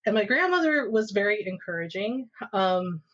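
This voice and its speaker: A woman's voice: medium pitch, big pitch swings, moderate pace, a bit bright, muffled recording. A woman guest on a podcast, telling personal anecdotes in a casual way and laughing often as she talks. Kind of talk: casual storytelling.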